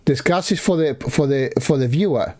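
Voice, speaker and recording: A man's voice: fairly high pitch, moderate pace, a little mellow. A man ranting in a reaction video, swearing heavily and mocking the speaker he is watching. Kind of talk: profane ranting reaction commentary.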